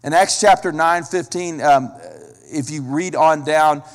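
A man's voice: fairly high pitch, a little slow. A man preaching a sermon as a pastor, emphatic, repeating key phrases and asking the listeners direct questions. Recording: long hall reverb.

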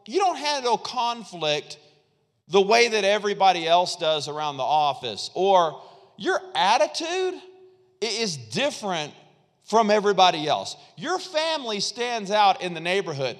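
A man's voice: high-pitched, sing-song, a little slow, long reverb tail. A man pastor preaching a sermon in a church, conversational and repetitive, calling on the congregation to respond.

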